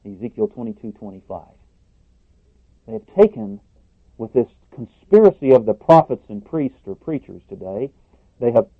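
A man's voice: mid-range voice, dry recording. Male preacher, emphatic sermon delivery, dull lo-fi sound. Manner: emphatic, repeats words, rises on questions. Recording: muffled dry lo-fi recording.

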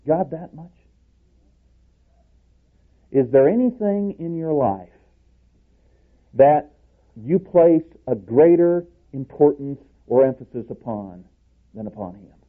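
A man preaching a sermon, emphatic, swinging from loud declarations to hushed asides. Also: a little high. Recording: tinny phone-like recording.

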